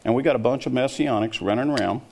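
A man's voice: medium pitch, fast talker, creaky, darkish tone, husky. An older man preaching a sermon, emphatic and scoffing, often putting questions to his listeners. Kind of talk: sermon to a congregation.

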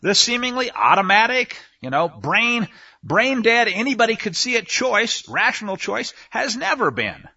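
A man's voice: high voice, big pitch swings, normal speed, pushed and bright, husky, dull audio. A man preaching a sermon on scripture, emphatic, often asking the listeners rhetorical questions. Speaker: Bible teacher.

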